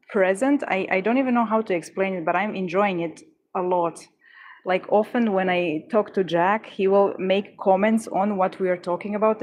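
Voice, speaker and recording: A woman's voice: medium pitch, darkish tone, a little hiss or hum. A woman hosting a livestream, chatting casually with viewers and stuttering, with frequent restarts and fillers. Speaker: livestream host. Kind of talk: casual chat answering viewers.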